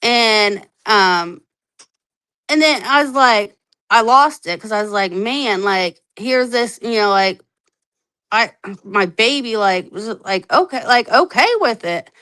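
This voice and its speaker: Woman in her thirties, podcast guest, candid storytelling, lively, blunt, higher voice. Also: slow, clear, resonant tone, rough recording. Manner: animated, acts out quoted voices, swears freely.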